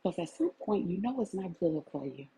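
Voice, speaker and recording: A woman's voice: lowish voice, big pitch swings, moderate pace, dark tone, husky, poor audio. A woman, giving an impassioned, tearful talk to her livestream viewers. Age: 40s. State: crying. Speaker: vlogger.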